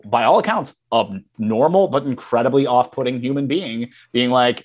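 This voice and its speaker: A man's voice: mid-range voice, normal speed, hardly any pauses. A man co-hosting a podcast, chatting casually about a film in a rambling way, with lots of restarts. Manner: rambling, heavy on fillers and restarts. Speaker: podcast co-host.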